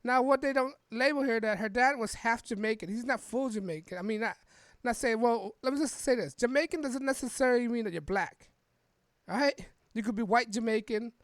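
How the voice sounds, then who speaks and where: On her podcast, a woman reads an article and riffs casually on politics, often restarting and adding tag questions. She speaks fairly quickly in a high-leaning voice, in a clean studio recording with no echo.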